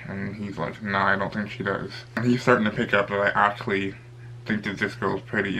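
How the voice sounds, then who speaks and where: A young man with a lowish, gravelly voice rambles through a casual storytime vlog. He keeps retelling back-and-forth conversations in a loose, chatty way, with a faint hum under the recording. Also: fairly bright tone, rough recording. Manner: rambling, retells dialogue with lots of "I'm like". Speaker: YouTuber.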